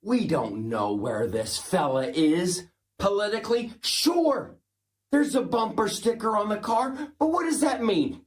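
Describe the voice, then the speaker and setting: A woman's voice: medium pitch, lightly acted. A woman doing a comic impression of a rambling, folksy politician giving a speech.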